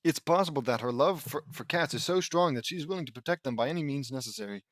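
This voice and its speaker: A man's voice: fairly high pitch, quick pace, fairly bright tone, no room sound, natural voice. A man reading the lines of a bookish know-it-all little girl from a fan-fiction audiobook. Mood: explaining.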